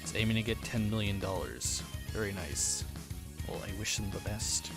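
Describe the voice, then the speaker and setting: A man's voice: fairly low pitch, animated, moderate pace, vocal fry. A man chatting casually on a livestream, rambling and answering his chat aloud. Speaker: streamer. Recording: music playing under voice. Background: background music.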